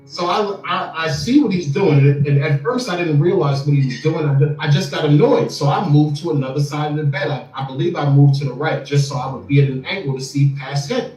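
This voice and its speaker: A man telling a long story as an interview guest, animated and often repeating words as he starts sentences. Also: on the high side, a little fast, few pauses. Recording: echoey room, far from mic, faint music.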